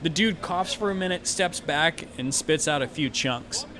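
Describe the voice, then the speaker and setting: A man's voice: on the high side, lively intonation, normal speed, crowd noise. A man narrating a tabletop game as game master, casual and rambling with many fillers.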